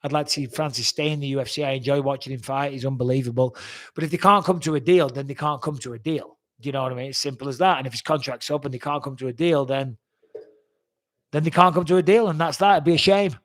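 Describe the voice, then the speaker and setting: A man's voice: mid-range voice, fast talker. A man in his forties, answering fan questions in a blunt, rambling way and swearing freely. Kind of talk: casual fan Q&A.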